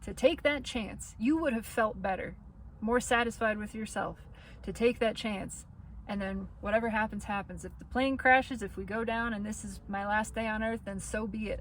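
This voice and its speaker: A woman giving an earnest spiritual tarot reading, talking straight to the listener and laughing softly through the painful parts. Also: on the high side, a little hiss or hum. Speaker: tarot reader.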